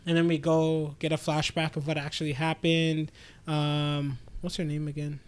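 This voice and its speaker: A man's voice: fairly high pitch, little pitch movement, normal speed. A man co-hosting a casual podcast, rambling and laughing as he recaps episodes in slang. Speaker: podcast co-host.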